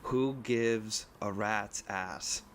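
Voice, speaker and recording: A man's voice: fairly low pitch, very slow, a bit bright, slight background noise. A man voicing a smug young male yuppie who drawls mockingly, in a novel read aloud.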